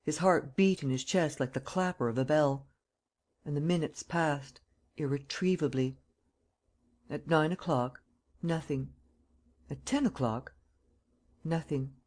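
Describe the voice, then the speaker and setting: Measured audiobook narrator. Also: mid-range voice, a little mellow. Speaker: audiobook reader. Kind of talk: scripted narration of a classic novel.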